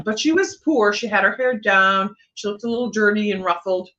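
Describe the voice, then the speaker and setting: A woman's voice: medium pitch, normal speed, fairly bright tone, highs cut off. A woman, a guest psychic on a livestream, telling a personal ghost story in a meandering way, with many fillers and restarts.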